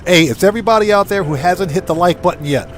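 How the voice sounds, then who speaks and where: A man's voice: high-pitched, quick pace, faint music behind. A man streaming a game live, telling dad jokes, laughing at his own punchlines and reading chat messages aloud.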